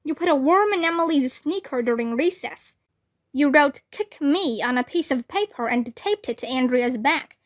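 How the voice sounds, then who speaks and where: A woman's voice: high voice, expressive, normal speed. A woman reading aloud voices a stern male ghost teacher who lists a boy's misdeeds. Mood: scolding.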